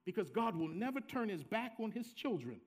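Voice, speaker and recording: A man preaching a sermon as pastor, with dramatic swings from soft low asides to loud, high cries. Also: sing-song, brisk.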